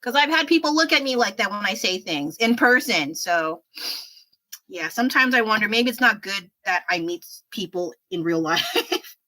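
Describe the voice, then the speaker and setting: Woman, 30s, bright voice, casual rambling livestream chat, self-deprecating asides. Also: medium pitch, expressive, normal speed, low-quality recording. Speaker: artist livestreaming while painting. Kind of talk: casual chat with viewers while painting.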